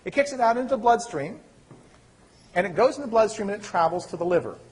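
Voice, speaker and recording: A man giving a university lecture, lively and asking the class questions he then answers himself. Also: high-pitched, fast talker. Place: lecture hall.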